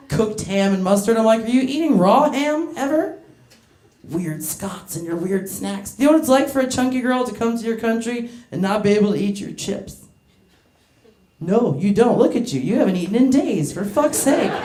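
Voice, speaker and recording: A woman doing a crude, self-mocking stand-up set on a club stage, laughing through her lines, teasing the crowd, her voice wearing hoarse. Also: mid-range voice, dark tone. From United States. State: voice getting hoarse. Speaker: stand-up comedian. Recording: echoey club room.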